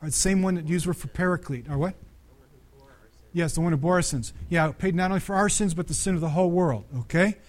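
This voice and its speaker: Middle-aged male pastor, slightly high voice, lively conversational preaching with sudden loud peaks. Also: fairly quick. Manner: restarts and repeats words often. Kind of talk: sermon.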